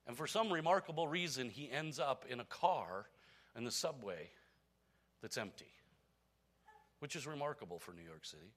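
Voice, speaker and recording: A pastor preaching a sermon to his church, telling a story with big swings from quiet, hushed lines to loud, raised ones. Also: mid-range voice, lively intonation, moderate pace, pauses often.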